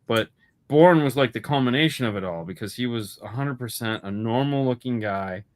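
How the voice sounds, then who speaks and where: A man's voice: medium pitch, moderate pace. A man talking movies as co-host of a casual chat show. He rambles, swears freely and keeps restarting his sentences. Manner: rambling, profane, lots of restarts. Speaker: podcast co-host.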